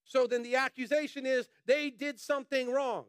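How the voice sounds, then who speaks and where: Male pastor, high voice, passionate colloquial sermon, dry close sound. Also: fairly even intonation, normal speed, clear, resonant tone, no echo. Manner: passionate, emphatic preaching with repetition; colloquial, addresses congregation as y'all.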